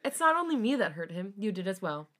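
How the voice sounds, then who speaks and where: A woman's voice: medium pitch, big pitch swings, fast, fairly bright tone. A woman reading a fanfic aloud, voicing a nonchalant, dismissive young man in a casual, shrugging way.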